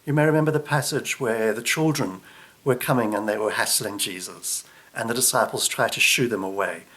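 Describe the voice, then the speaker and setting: A man delivering a reflective sermon, unhurried, often dropping soft and low at the ends of phrases. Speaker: preacher.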